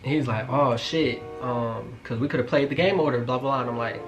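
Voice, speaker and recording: A young man in his twenties telling a casual storytime, joking and slangy, with quick asides to his viewers. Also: medium pitch, music in the background. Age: 20s. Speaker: vlogger.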